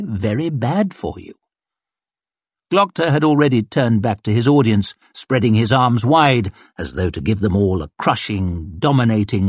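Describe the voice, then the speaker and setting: A man narrating an audiobook in a wry, expressive reading. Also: lowish voice, slightly rough, dry recording. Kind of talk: scripted narration.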